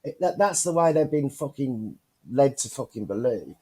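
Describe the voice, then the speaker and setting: A man's voice: medium pitch, moderate pace, slightly rough. A man co-hosting a casual chat show, telling stories and swearing constantly. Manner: swears constantly, animated storyteller. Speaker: podcast co-host.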